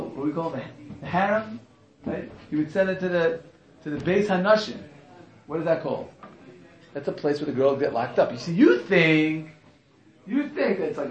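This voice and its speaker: A man with a fairly high voice teaches a class in an animated, joking way, breaking into little acted-out quotes and restarting his sentences. The sound is echoey and a little dull, as if recorded across a classroom. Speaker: Torah teacher. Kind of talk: lively informal class on the Megillah.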